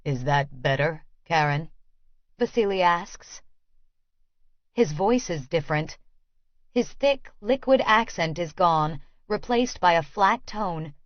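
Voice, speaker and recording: A woman narrating an audiobook in the first person, in a slow, hushed, measured voice. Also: lowish voice, lively intonation, no room sound, lo-fi sound.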